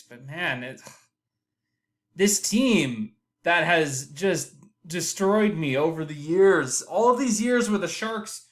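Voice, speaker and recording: A man's voice: a little high, fairly bright tone. A man hosting a live reaction podcast, emotional and dejected, groaning and sighing as his voice swings up and down. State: dejected, heartbroken. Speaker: podcast host.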